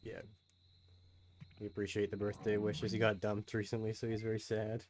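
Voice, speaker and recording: A man's voice: fairly low pitch, completely flat delivery, moderate pace, darkish tone. A man co-hosting a casual podcast livestream, teasing with dry jokes and laughing often. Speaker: podcast co-host. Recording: music playing behind the voice.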